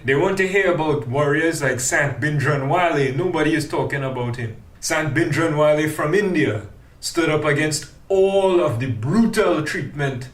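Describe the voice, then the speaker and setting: A man with a Trinidadian accent giving an impassioned forum speech, fiery and full of rhetorical questions. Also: a little high. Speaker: forum speaker for a grassroots news team. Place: public forum hall. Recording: echoey room, mic at a distance.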